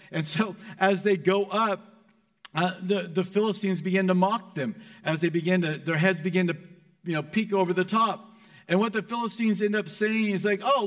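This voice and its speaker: A man preaching a sermon in a conversational way, restarting phrases and swinging between loud and soft delivery. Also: high-pitched. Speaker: pastor.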